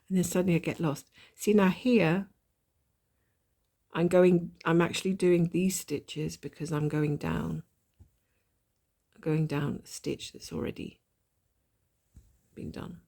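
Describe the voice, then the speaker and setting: A woman with a gravelly voice and a blocked nose from a cold, chatting casually and thinking aloud while she stitches, with a self-deprecating manner. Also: lowish voice, fairly even intonation, slow, long pauses, mellow. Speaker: cross-stitch vlogger. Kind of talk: casual stitch-along chat.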